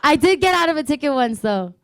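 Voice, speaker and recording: A woman's voice: high-pitched, expressive, quick pace, dry recording. A young adult woman, a singer, chatting casually as a guest in an interview, laughing often and rambling through her stories. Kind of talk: casual radio interview chat.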